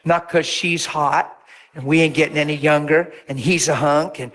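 Pastor guy preaching, slightly high voice, jumps into character voices then goes quiet and whispery. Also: moderate pace. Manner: animated storytelling, acts out voices with big pitch jumps; drops to a near whisper for emphasis. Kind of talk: sermon.

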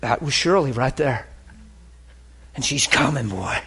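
A man preaching and telling healing stories, swinging between hushed and loud. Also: medium pitch, expressive, measured pace. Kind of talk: sermon with healing testimony.

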